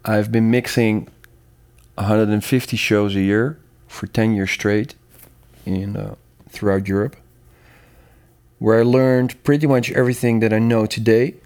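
A middle-aged man from the Netherlands, a sound consultant and educator speaking calmly and thoughtfully in a casual interview. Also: lowish voice, measured pace, pauses often.

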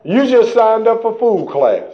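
A man's voice: high voice, sing-song, a little slow. A man preaching a sermon in a fervent, colloquial way, full of rhetorical questions to his listeners. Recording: dull lo-fi recording.

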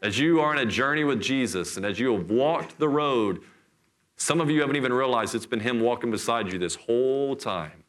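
A middle-aged man preaching a sermon in church, telling a scripture story with lively, acted-out voices. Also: mid-range voice, brisk. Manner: animated storytelling, acts out voices. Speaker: pastor.

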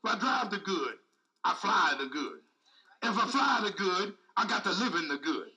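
A man's voice: high voice, expressive, normal speed, pushed and bright, distant mic, lo-fi sound. A man preaching a sermon with speech, repeating phrases and calling out to the congregation. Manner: call-and-response preaching, repetitive, emphatic.

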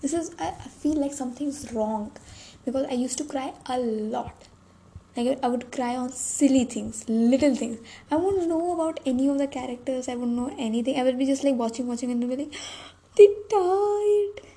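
Rambling young woman podcaster, soft dark tone. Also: sits high, moderate pace, poor audio. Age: young adult. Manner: rambling, self-deprecating, with frequent restarts. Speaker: podcast host. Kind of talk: rambling solo podcast monologue. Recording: faint background noise.

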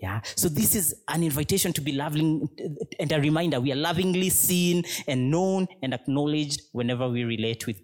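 A man preaching a reflective sermon as a pastor, speaking gently and unhurriedly in short, broken phrases that lead into prayer. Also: mid-range voice.

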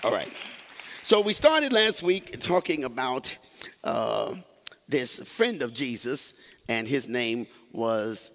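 A male pastor delivers a sermon in a church sanctuary, mixing folksy jokes with call-and-response to the congregation. His voice sits at a middle pitch. A long hall reverb trails behind each phrase. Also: sing-song, slow, a bit bright.

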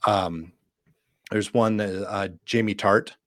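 A man's voice: fairly low pitch, fairly even intonation, takes it slowly, dry recording, clean studio sound. A man co-hosting a podcast, chatting casually and enthusiastically, rambling with restarts. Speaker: podcast co-host. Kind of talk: casual chat.

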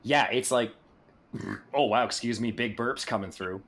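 A man's voice: mid-range voice, moderate pace, a crowd in the background. A man hosting a podcast in a playful, prodding, jokey way, drawing a story out of his guest. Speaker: podcast host. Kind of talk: casual podcast chat.

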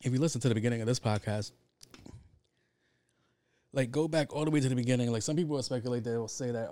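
A man's voice: medium pitch, fast talker, pauses often, warm tone. Rambling, profane podcast host man. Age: adult with kids. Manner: rambling, profane, heavy with fillers. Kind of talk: casual solo podcast chat.

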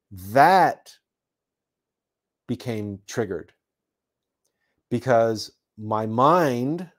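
A man from Canada recounting a childhood story in a reflective talk, halting often and repeating words with many fillers. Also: mid-range voice. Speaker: host.

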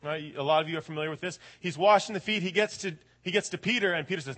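A young man in his late twenties preaching a sermon with lively, conversational energy. His voice sits high for a man. He keeps checking in with the listeners as he tells the stories. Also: fast, few pauses. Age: late 20s. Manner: animated, colloquial, keeps asking "right?".

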